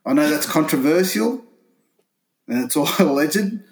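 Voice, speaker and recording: A man's voice: on the high side, animated, measured pace. A man with an Australian accent, co-hosting a casual sports chat, rambling, swearing a lot and laughing often. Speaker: podcast co-host.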